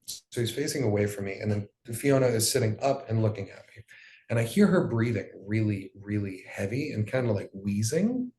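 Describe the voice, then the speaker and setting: A man's voice: lowish voice, animated, brisk, warm tone. A young man giving an emotional personal account as an interview guest, in loose, profane storytelling with plenty of fillers. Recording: roomy echo.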